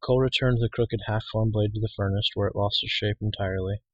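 Male audiobook reader, low and husky, steady and measured. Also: no room sound, muffled recording. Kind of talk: audiobook reading.

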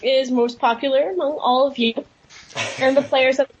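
High-pitched playful woman. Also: steady tone, normal speed, slightly rough, highs cut off. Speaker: panelist. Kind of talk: panel discussion.

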